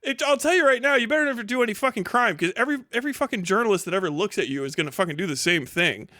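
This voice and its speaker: A young man giving casual, profane stream commentary, excitable and laughing often. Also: high voice, rapid-fire, no room sound, clean studio sound. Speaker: live streamer.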